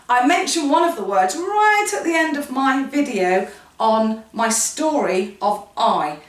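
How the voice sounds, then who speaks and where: A slightly high-voiced phonics teacher playfully narrates letter sounds as tiny stories for children, full of animation. She's captured on a distant mic in an echoing room.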